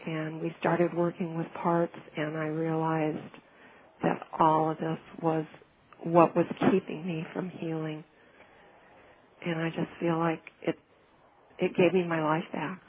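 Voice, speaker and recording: A woman sharing a personal healing testimonial in an earnest, heartfelt way, often pausing and restarting her sentences. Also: deep voice, level tone. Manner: halting, with frequent restarts and fillers. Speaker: client giving a testimonial. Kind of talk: personal testimonial, casual telling. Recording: phone-like lo-fi with faint noise.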